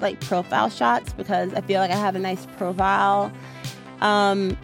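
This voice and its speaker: A woman's voice: medium pitch, vocal fry. A young woman from Atlanta, talking casually as an interview guest in a chatty, upbeat way, with lots of "like.". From Atlanta, USA.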